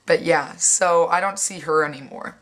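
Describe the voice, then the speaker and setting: A woman's voice: low voice, normal speed. A young woman vlogging casually, acting out quoted lines and swearing bluntly, with lots of "like". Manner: animated, acts out other people's lines in quoted voices; frequent "like" fillers, blunt and sweary. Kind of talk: casual storytelling vlog.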